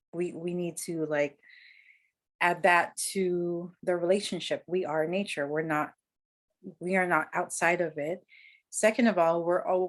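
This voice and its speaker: A woman with a fairly low voice speaks in an easy conversational way. She sounds earnest and reflective, and she often leans on "like" as she talks. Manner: earnest, reflective, frequent "like" fillers. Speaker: guest, healer and ceremonialist. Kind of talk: casual podcast conversation.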